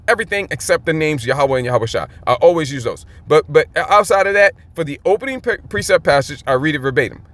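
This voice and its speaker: Man, bible teacher, emphatic, fired up, fairly high voice. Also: fairly bright tone, dry recording. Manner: emphatic, keeps checking in with "okay?".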